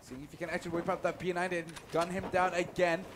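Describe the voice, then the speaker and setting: A man doing fast, excitable play-by-play commentary on a live esports match, joking between calls. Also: high voice, noisy background. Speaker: esports caster. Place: live event venue.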